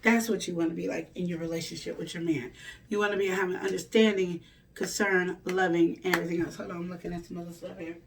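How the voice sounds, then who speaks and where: A woman's voice: on the low side, fairly even intonation, fast, gravelly, recorded from a distance, slight background noise. A woman hosting a relationship advice show, talking in a folksy, preachy way and acting out the quoted lines. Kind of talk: casual advice monologue.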